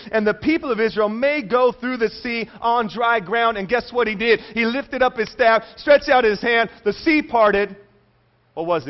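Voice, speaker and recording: Male preacher, high voice, acts out the characters in his sermon; muffled lo-fi sound. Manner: animated storytelling, acting out quoted voices. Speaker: pastor.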